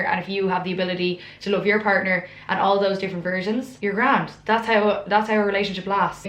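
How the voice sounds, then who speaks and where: A woman's voice: mid-range voice, a bit bright. A young Irish woman in her twenties chatting casually and frankly to camera in a Q&A vlog, poking fun at herself. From Ireland. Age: 20s. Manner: chatty, frank, self-mocking. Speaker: vlogger. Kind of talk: casual Q&A chat. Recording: roomy echo.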